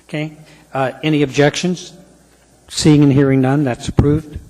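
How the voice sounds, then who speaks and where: A man chairing a city assembly meeting, running through motions and votes with brisk procedural calls. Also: on the high side, level tone, dark tone. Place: city council chamber. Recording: reverberant council chamber.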